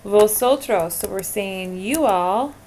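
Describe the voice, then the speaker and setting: A woman's voice: medium pitch, unhurried, a little hiss or hum. A woman teaching Spanish verb endings in a screencast lesson, encouraging and talking her students through each answer as she types. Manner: encouraging, talks through typing.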